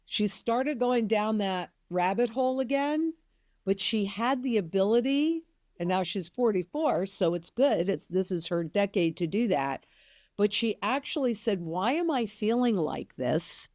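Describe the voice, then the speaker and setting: A woman's voice: medium pitch, expressive, unhurried, a little mellow, dry recording, studio quality. Older woman hosting a chatty interview. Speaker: interview host. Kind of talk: casual interview conversation.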